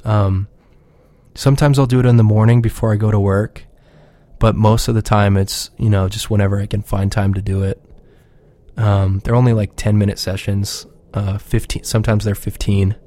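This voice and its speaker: A man with a lowish, warm, mellow voice, rambling loosely and cursing often as he chats on his own show. His delivery is relaxed and unpolished, recorded close and dry with no room sound. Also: normal speed, no room sound. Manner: profane, rambling, laid-back. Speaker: podcast regular. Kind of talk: casual rambling chat.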